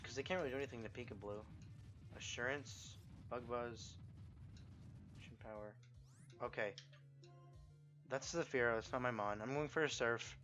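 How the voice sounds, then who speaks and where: A young man giving excitable, profane let's play commentary and reacting loudly to the game. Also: medium pitch, moderate pace, pauses often. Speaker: gameplay commentator. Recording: slightly muffled, game music behind.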